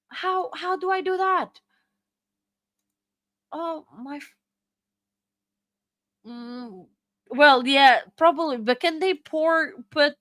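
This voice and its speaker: A woman with a high, fairly bright voice hosts a live stream, chatting casually. Recorded dry, she sounds flustered and apologetic as she reads and responds to viewer chat, using many fillers.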